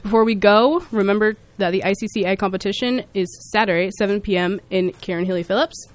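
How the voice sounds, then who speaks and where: A woman's voice: mid-range voice, steady tone, quick pace. A woman hosting a college radio hour, announcing songs and events in an upbeat way. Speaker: radio host.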